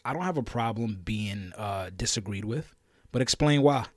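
A man from Brooklyn with a New York accent hosting a podcast, ranting with passion and challenging listeners, his voice swinging between loud and low. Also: moderate pace, dry recording. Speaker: podcast host. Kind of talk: impassioned solo podcast rant.

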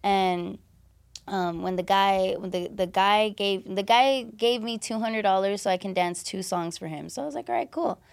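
A woman's voice: medium pitch, normal speed, creaky, clear, resonant tone. Blunt, profane young woman telling her story. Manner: blunt and profane, heavy use of "like". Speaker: podcast guest. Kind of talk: candid personal storytelling.

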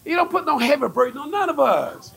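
Very high, gravelly preaching man. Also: big pitch swings, fairly quick. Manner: emphatic, repetitive, rising to shouts. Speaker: pastor. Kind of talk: fiery preaching sermon with congregation call-and-response.

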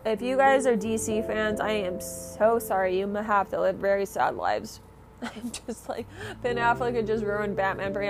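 A woman's voice: medium pitch, vocal fry. A young woman hosting her own podcast, rambling and swearing through a casual, enthusiastic rant. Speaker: podcast host.

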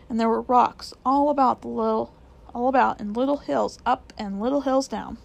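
A woman reading a children's book aloud in a gentle, unhurried way, correcting small slips as she goes. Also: fairly high pitch, creaky, rough recording. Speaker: reader.

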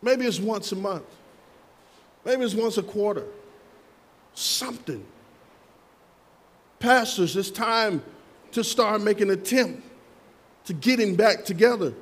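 A man's voice: high voice, expressive, slow pace, pauses often. A man preaching a sermon as pastor, calling out to the congregation for responses and slipping in playful asides.

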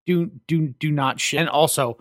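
A podcast co-host chatting casually about a movie, rambling and quick to joke. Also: mid-range voice, no room sound, studio quality. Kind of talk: casual movie review chat.

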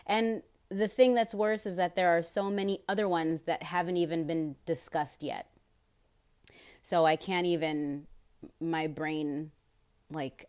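Young woman, solo podcast host; slightly low voice, rambling casual delivery, swears a lot, heats up into outrage. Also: darkish tone. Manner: rambling, swears freely, gets fired up with outrage.

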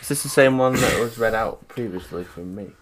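A man's voice: mid-range voice, a little fast, crowd noise. A man co-hosting a comedy podcast, telling offhand stories in casual banter with frequent chuckles. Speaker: podcast co-host.

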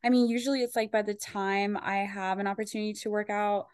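A woman's voice: mid-range voice, steady tone, fast talker, a little mellow, clear, resonant tone, dry recording, studio quality. A woman hosting a podcast in casual chat, talking in a chatty, rambling way with lots of filler words. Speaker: podcast host.

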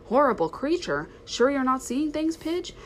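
A woman's voice: high voice, sing-song, moderate pace, slight background noise, voice pushed up. Woman voicing a roguish stray male dog. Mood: soothing. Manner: firm, soothing.

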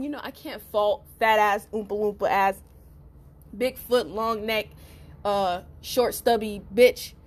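A young woman with a fairly high voice tells a story from her own life on a podcast. She is blunt and profane, quick to laugh and acts out the other people in the story. She sounds close to the mic. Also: fairly bright tone. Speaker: podcast host. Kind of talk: storytelling monologue.

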